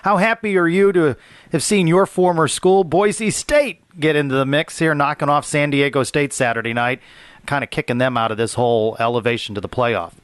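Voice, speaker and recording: A man's voice: on the high side, steady tone, moderate pace, clean tone, dry recording, clean studio sound. A man hosting a sports podcast, running through game stats and putting questions to his guest. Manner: reads stats, then asks long questions. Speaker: podcast host.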